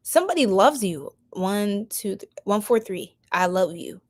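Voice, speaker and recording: A woman's voice: mid-range voice, big pitch swings, unhurried. A young woman giving a chatty live-stream tarot reading, laughing often and talking straight to her viewers in slang. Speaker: tarot reader.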